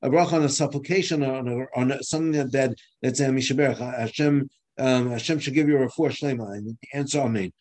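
A man's voice: medium pitch, darkish tone. A man teaching a halacha class, explaining step by step with frequent restarts and fillers, and sounding out words to show their pronunciation. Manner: halting, with many restarts and fillers. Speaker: Torah teacher.

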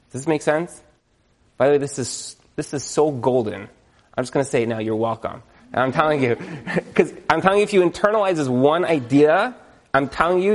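A man giving a humorous religious lecture in front of an audience. He is animated, jokes, checks in with the listeners, and uses Jewish religious terms. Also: fairly high pitch. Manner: animated, joking, asks the audience questions. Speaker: speaker giving a talk to an audience.

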